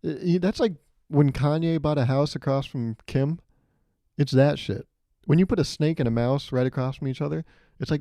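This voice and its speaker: A young man hosting his own podcast, riffing in an animated, profane way, recorded close on a mic. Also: normal speed, no room sound. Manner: animated, profane, riffing with jumps to high pitch. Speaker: podcast host. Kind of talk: solo comedic podcast monologue.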